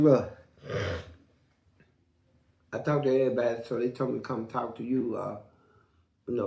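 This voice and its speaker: Gravelly guy telling wild prison stories, does all the voices, cusses a lot, roomy echo. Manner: animated, acts out quotes with big jumps in pitch; profane street slang. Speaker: interview guest. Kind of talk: storytelling in an interview.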